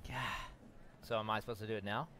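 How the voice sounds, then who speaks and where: A man's voice: fairly low pitch, little pitch movement, quick pace, sharp tone. A man speaking as a guest on a live panel, nervous and laughing at himself. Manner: nervous, laughs through his lines. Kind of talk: casual panel banter. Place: event hall with an audience.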